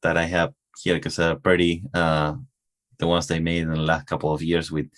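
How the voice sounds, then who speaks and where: A man with an Argentine Spanish accent, Spanish his first language, co-hosting a podcast in casual chat and talking haltingly with many fillers and restarts. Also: a bass voice, little pitch movement. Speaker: podcast co-host.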